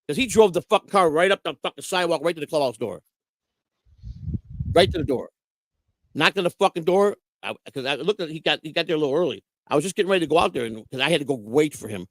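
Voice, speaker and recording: A man's voice: fairly high pitch, dry recording. A man telling rambling, profane stories in casual talk, repeating himself and restarting often. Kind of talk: casual storytelling.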